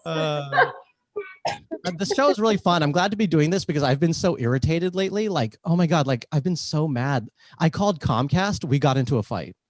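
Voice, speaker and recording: A young man doing a clean stand-up set over a video call, wry and self-mocking, slipping into deadpan voices for the people in his stories. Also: on the high side, normal speed. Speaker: stand-up comedian.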